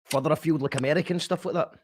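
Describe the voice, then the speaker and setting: A man's voice: on the high side, steady tone, rapid-fire, slight background noise. A man hosting a radio show, asking a guest a casual question with a stumbling start.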